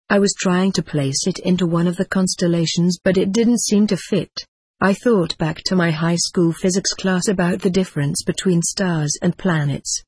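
A woman reading a first-person memoir aloud as an audiobook narrator, in a measured, descriptive way. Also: lowish voice, a little mellow, breathy edge, no echo.

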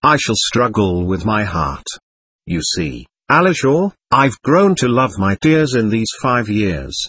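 A man's voice: on the low side, big pitch swings, takes it slowly, a bit bright, slightly rough, dry recording, heavily acted. Man voicing a proud, volatile young woman. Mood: brooding. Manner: mood swings between tenderness and scorn.

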